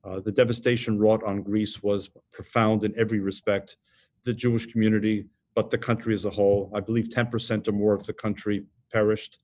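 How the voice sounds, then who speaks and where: A composed man with a low voice puts long, carefully phrased questions to his guest over a video call. His delivery stays steady and formal throughout. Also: fairly quick. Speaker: interviewer.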